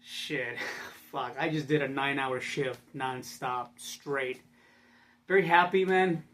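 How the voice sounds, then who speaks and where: A man's voice: mid-range voice, takes it slowly, a bit bright. A young man rambling in a casual vlog, profane and full of fillers. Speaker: vlogger.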